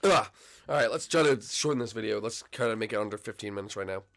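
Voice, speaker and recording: A man's voice: on the low side, quick pace, vocal fry, fairly bright tone. A young man hosting a casual behind-the-scenes video, rambling and self-deprecating, his voice strained. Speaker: channel host.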